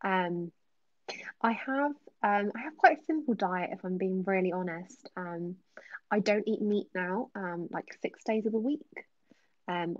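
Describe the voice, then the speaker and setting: Fielding live-chat questions on a relaxed stream, this ASMR creator talks in a mid-range voice, full of ums, now and then dropping to a whisper. The audio has no echo, and the highs are cut off.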